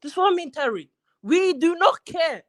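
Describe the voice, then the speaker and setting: Angry guy calling in, repeating himself, high voice, dry close sound. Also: lively intonation, normal speed, a bit bright, dry recording, low-quality recording. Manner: agitated, repetitive, ranting. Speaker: caller. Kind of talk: angry fan phone-in rant.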